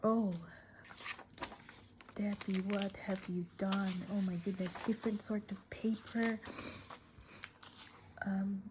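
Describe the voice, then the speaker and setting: A woman vlogger talking slowly and warmly over her crafting gifts, tearfully welling up as she gushes. She often drops into soft whispers between fillers and sighs. Faint noise and paper crinkling sit behind her. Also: mid-range voice, little pitch movement. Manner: gushing, emotional, often breaking into soft whispers; slow, with many fillers and sighs. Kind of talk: casual unboxing chat.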